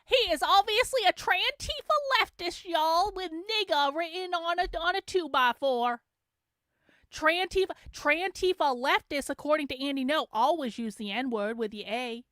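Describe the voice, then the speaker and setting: A woman's voice: high voice, animated, normal speed, fairly bright tone, dry recording, studio quality, voice pushed up. A woman putting on a mocking, drawling Southern slave-owner voice.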